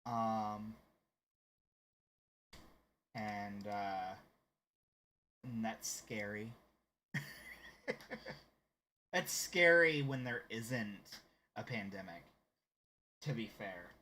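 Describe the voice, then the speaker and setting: A man's voice: fairly low pitch, drawn-out words, pauses often, pushed and bright, a little hiss or hum. An American man with a slight Southern accent who streams games and chats casually with his viewers. He rambles and hesitates as he talks. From United States. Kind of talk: casual live-stream chat.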